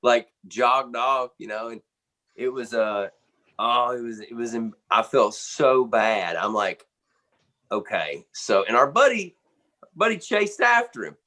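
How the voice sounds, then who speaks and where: A man, a band's drummer, telling a backstage story in an animated, casual way, full of "man" and "you know.". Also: medium pitch, unhurried. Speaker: band drummer interviewed.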